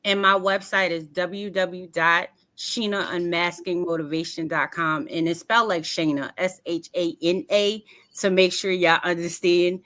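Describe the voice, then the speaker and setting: A woman's voice: lowish voice, fairly even intonation, moderate pace, hardly any pauses, fairly bright tone. A woman from New York, a magazine founder, giving earnest, faith-filled motivational answers in an interview.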